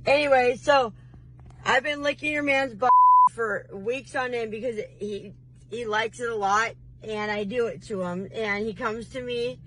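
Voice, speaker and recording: A woman's voice: a little high, a little slow, very noisy. A woman in a car pulled over, talking to camera in a rambling, laughing, defiant confessional rant. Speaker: vlogger.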